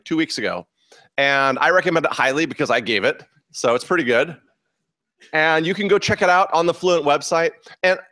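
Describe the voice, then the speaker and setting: A man hosting a developer meetup, giving announcements to a live audience in a relaxed, joking way with small restarts. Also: medium pitch, no room sound. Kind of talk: casual presentation to a live audience. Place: meetup room.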